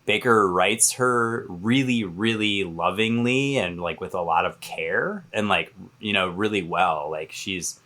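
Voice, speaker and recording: A man's voice: low-pitched, measured pace, few pauses, pushed and bright. A man in a casual book discussion, agreeing enthusiastically and rambling a little.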